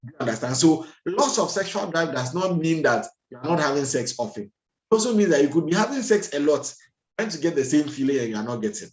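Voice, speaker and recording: Guy doctor giving a health talk on a video call, kinda high voice, echoey room, lively and jokey. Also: fast. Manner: lively lecturing, acts out everyday scenes, laughs at himself.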